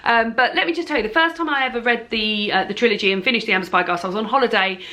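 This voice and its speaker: A woman's voice: on the high side, very fast, pushed and bright. A young woman chatting at home to camera about her reading plans, giggly and chatty with lots of ums and restarts. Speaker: book vlogger. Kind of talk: casual chat to camera. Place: at home indoors.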